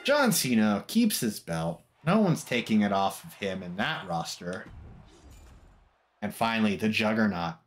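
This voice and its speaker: Animated man recapping a game. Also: fairly low pitch. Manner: quick, wry recap with mock quotes. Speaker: gameplay commentator. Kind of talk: casual game commentary. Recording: background music under voice. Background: background music.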